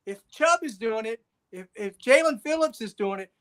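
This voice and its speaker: A man's voice: very high-pitched, lively intonation, normal speed, a bit bright. A man co-hosting a casual sports talk show, insistent, repeating himself and checking agreement with "right?". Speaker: podcast co-host.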